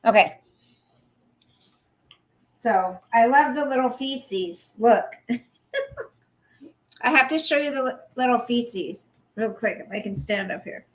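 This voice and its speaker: A woman's voice: fairly high pitch, unhurried, pauses often. A woman hosting a casual livestream from home at night, chatty and apologetic, cooing at her pet in between. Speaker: livestream host.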